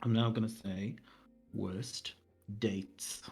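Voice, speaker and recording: A man's voice: fairly low pitch, little pitch movement, slow, gravelly, a little mellow, breathy edge. A man co-hosting a casual podcast, teasing his friend and chipping in with short quips. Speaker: podcast co-host. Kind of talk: casual chat. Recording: faint background music.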